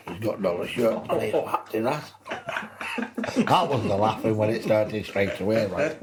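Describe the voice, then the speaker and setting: A man's voice: fairly low pitch, animated, moderate pace, noisy background. An older man with a Wigan accent telling anecdotes as a podcast guest, laughing through his stories. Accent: Wigan, Lancashire. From England. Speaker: guest, former rugby league player. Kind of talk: casual storytelling in interview.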